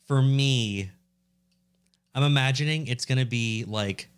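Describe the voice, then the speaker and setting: A young man co-hosting a casual podcast, his voice sitting at an ordinary mid pitch. He rambles through joking stories and slips into playful impressions along the way. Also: measured pace, clean tone. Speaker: podcast co-host. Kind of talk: casual chat.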